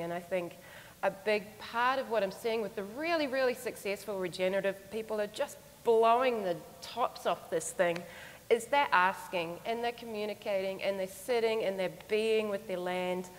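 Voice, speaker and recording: A woman's voice: mid-range voice, moderate pace, big-room sound, rough recording. A woman giving a conference talk, telling a story in an earnest, reflective way. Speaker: conference speaker.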